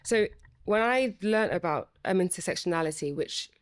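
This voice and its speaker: Woman w a stammer chatting on a podcast, kinda low voice, lots of uh uh restarts but really passionate. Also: expressive, moderate pace. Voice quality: stammers, with repeated filler sounds. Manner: passionate, thinks aloud with restarts. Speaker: former student working in Parliament. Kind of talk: conversational podcast chat.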